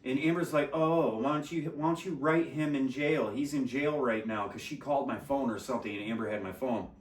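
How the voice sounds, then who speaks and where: A man telling a crude story in casual talk, swearing a lot, laughing and shouting out the lines he quotes. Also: medium pitch, brisk. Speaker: podcast guest telling a story. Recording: echoey room from far off the mic.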